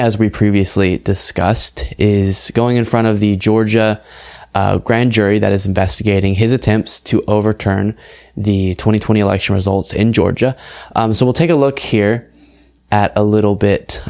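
A man's voice: on the low side, steady tone, moderate pace, a little mellow. A young man hosting his own online political commentary show, talking casually and sounding incredulous, with frequent fillers. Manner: conversational, incredulous, with fillers and laughs.

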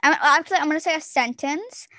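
A woman hosting a casual podcast over a Zoom call, chatty and giggly, breaking into quick excited bursts. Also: sits high, no echo, clean studio sound. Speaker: podcast host. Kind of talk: casual chat.

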